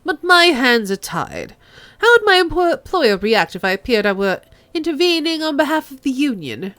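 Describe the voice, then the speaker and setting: A woman voicing a poised, unperturbed middle-aged negotiator who speaks in a measured, formal way. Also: high-pitched, big pitch swings, a bit bright, no echo, voice pushed up. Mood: composed.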